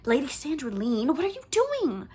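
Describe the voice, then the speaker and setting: A woman's voice: medium pitch, a little slow, husky. A woman voicing a snobbish, well-born young girl who speaks with disdain. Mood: scandalized. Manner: sneering, disdainful.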